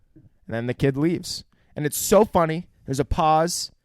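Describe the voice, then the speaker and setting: A man's voice: a little high, measured pace, no echo, studio quality. A man co-hosting a podcast, chatting casually and crudely about a movie, laughing and acting out lines. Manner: profane, laughing, acts out quotes. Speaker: podcast co-host. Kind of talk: casual movie review chat.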